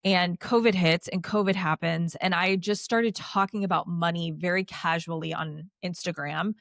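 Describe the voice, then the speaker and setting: A woman's voice: lowish voice, moderate pace, vocal fry, dry recording. Chatty woman on a dry podcast mic. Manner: chatty, heavy use of "like", animated with sarcastic asides. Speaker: podcast guest. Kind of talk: casual conversational storytelling.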